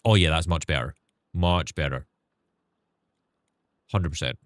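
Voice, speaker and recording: A man's voice: a bass voice, measured pace, no room sound, clean studio sound. A young Scottish man streaming, talking candidly and rambling, with frequent restarts and the odd swear word. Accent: Scottish, softened. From Scotland. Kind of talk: casual livestream chat.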